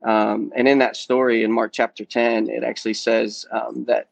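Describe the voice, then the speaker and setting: A man in his forties, a guest from youth ministry, candidly shares his personal testimony in a podcast interview, earnest and full of "um" and "man." His medium-pitched voice is creaky, level, and moderately paced, in a dry recording with the highs cut off.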